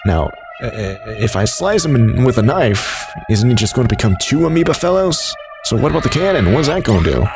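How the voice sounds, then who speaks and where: Let's-play gamer, male, very excitable, pitch leaps all over, game music underneath. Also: brisk, hardly any pauses. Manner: excitable, reacting loudly and laughing often. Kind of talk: gameplay commentary.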